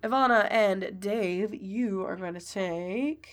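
A woman narrating as game master of a tabletop role-playing game, casual and given to quick self-corrections. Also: medium pitch.

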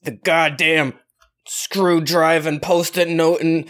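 A man voicing a grizzled, stern old male elf guard captain who swears gruff insults. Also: on the high side, level tone, slow pace, a bit bright.

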